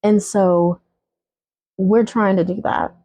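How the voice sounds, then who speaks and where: A woman's voice: mid-range voice, fairly even intonation, slow, mellow, rough recording. A woman in her thirties telling viewers a personal story time in a blunt, casual way, swearing freely as she talks to them directly.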